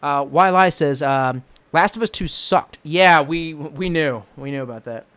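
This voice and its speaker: A man's voice: on the high side, measured pace, fairly bright tone, smooth. A young man from the Washington DC area, casually reading out chat messages on a live stream, profane and sarcastic, and getting drunk as he goes. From Washington DC metro area, US.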